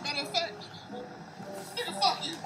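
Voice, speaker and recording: Woman playing a hot-headed car owner, high voice, cursing, confrontational, loud music behind. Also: moderate pace. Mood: furious. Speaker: car owner in a comedy skit. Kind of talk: comedy skit acting.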